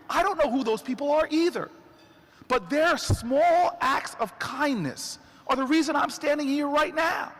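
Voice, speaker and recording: A man's voice: very high voice, fairly bright tone. A man giving an inspirational speech to an audience, telling stories with humor and earnest conviction. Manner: storytelling orator, humorous and earnest. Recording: long reverb in a large hall.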